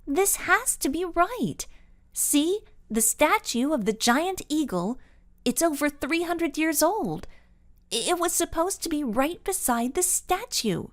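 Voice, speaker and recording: A woman voicing an earnest young detective girl in a children's storybook. Her voice sits well above the narration and leaps up on each question. She sounds eager and pleading, swinging widely in pitch. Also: sing-song, takes it slowly, exaggerated voice. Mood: insistent.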